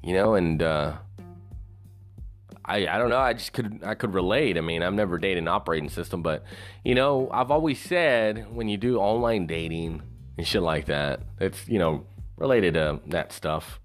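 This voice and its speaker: A man with a lowish voice rambles casually about a movie, his pitch jumping around with animated swings. He swears a lot and leans on "you know" and "like". Faint music plays in the background. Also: normal speed. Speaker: movie reviewer.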